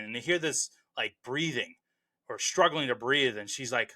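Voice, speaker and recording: Upbeat bright-voiced man reviewing movies. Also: medium pitch, moderate pace. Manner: rambling and enthusiastic, heavy on "you know" and restarts. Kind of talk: casual spoken film review.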